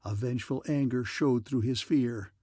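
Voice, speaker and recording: A man reading a pulp science-fiction audiobook in a measured, dramatic narration. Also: medium pitch, a little mellow, slightly rough, dry recording, studio quality. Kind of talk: scripted narration.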